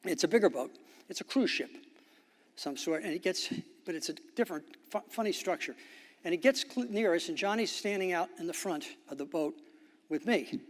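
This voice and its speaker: An older man giving a halting, anecdotal speech as guest of honor at a luncheon, full of fillers and restarts. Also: high voice, animated. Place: banquet hall. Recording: long reverb of a hall.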